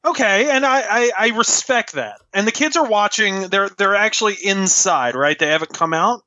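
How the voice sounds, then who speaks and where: A man's voice: sits high, moderate pace, bright, forceful tone, highs cut off. A man guesting on a podcast, chatting casually with stammering restarts and exasperated asides. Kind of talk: casual chat.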